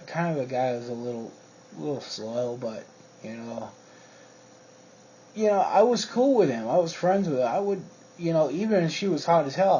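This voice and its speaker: A man's voice: mid-range voice, dark tone, slight background noise. A man telling a rambling personal story in casual talk, swearing freely and using lots of fillers. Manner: profane, rambling, with frequent fillers. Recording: dull lo-fi recording with faint crickets.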